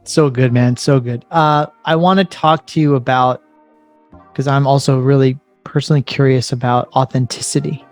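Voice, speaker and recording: A man hosting a podcast interview, earnest and probing, restating his questions to dig deeper. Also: fairly even intonation, normal speed, a little mellow, soft background music. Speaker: podcast host.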